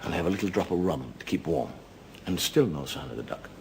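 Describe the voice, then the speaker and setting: A man with an Irish accent telling rambling drunk jokes as a seated stand-up comedian, slipping into squeaky character voices. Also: lively intonation, fast, vocal fry. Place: television studio with live audience. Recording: audience laughter, noisy broadcast recording.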